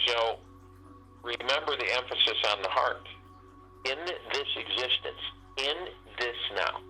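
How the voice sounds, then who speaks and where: Sharp-voiced man giving a spiritual talk. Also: medium pitch, expressive, rough recording. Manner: halting and repetitive, circling back to key phrases. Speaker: meditation call host. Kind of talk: spiritual teaching talk on a group call. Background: faint meditation music.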